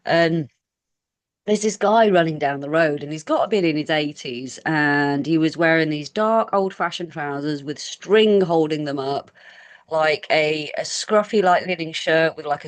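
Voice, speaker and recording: A woman with a fairly low voice tells a story in a rambling, chatty way. She is a podcast guest and acts out quoted lines as she goes. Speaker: guest paranormal researcher. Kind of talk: casual storytelling interview.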